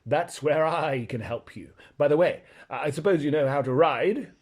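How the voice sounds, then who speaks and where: A man's voice: a little high, a little mellow, lightly acted. A man voicing a proud, bossy talking horse. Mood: persuasive. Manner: brisk, lecturing, openly scornful. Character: proud talking male warhorse, blunt and bossy.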